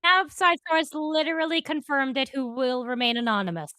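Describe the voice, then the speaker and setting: A woman's voice: high-pitched, moderate pace, sharp tone, no echo, studio quality. A woman co-hosting a commentary show, teasing and correcting her partner in casual chat. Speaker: co-host.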